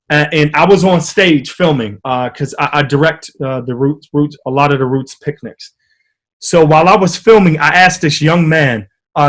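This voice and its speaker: Appearing as a guest on a casual podcast interview, an American man with a slightly high voice tells stories in an animated, vivid way.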